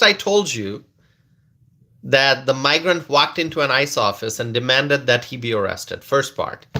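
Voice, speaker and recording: A man's voice: medium pitch, sharp tone. A man hosting a casual political livestream, laughing often and repeating lines for effect, with frequent restarts. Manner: slow drawn-out delivery with many restarts. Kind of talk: casual commentary to live viewers.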